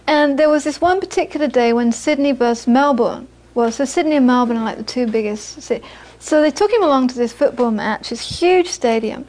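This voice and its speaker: Brief: woman, Buddhist teacher with a high voice, animated storyteller who turns gentle and earnest in teaching. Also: brisk, hardly any pauses. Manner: lively storytelling, acts out the people she quotes. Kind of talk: dharma talk to a small audience.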